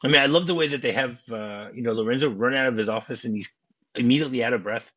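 Male podcast guest, husky, dull lo-fi sound, chatty recap style. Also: mid-range voice, quick pace, a bit bright. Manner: recaps scenes in detail, many fillers. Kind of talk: casual film discussion.

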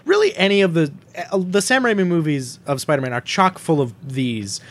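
A man's voice: a little high, a little fast. A man co-hosting a casual podcast, talking animatedly and acting out quotes from movies. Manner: animated, quotes movie lines in silly voices. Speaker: podcast co-host. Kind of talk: casual chat.

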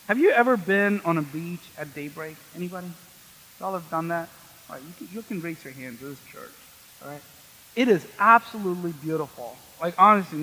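A man's voice: high voice, fairly bright tone, big-room sound, slight background noise, rough recording. A man preaching a sermon as pastor in a church, conversational and asking the congregation questions.

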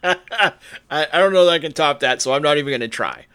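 A man co-hosting a podcast in casual chat, telling animated comic stories. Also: a little high, fairly quick, clear, resonant tone, dry recording. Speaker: podcast co-host.

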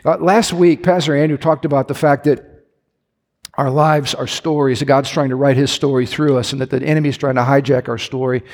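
A man's voice: mid-range voice, fairly even intonation, a little fast, darkish tone. A male pastor preaching a sermon in a church, conversational with asides and restarts. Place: church sanctuary. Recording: long hall reverb.

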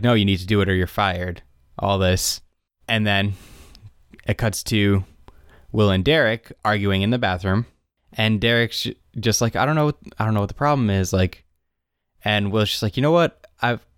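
Young male podcast co-host, animated recap, smooth clear tone, dry close sound. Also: on the low side, dry recording. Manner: animated retelling, quotes characters in raised voices. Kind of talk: casual chat.

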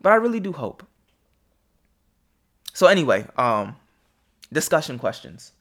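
A man hosting a devotional podcast who asks earnest, pointed questions and then leads a quiet prayer. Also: a little high, sing-song, measured pace. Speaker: podcast host.

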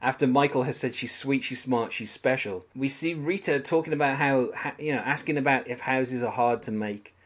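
A man's voice: mid-range voice, moderate pace, hardly any pauses. British man chatting analytically. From Britain. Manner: analytical, rambling with fillers and restarts. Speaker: podcast host. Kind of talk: casual chat.

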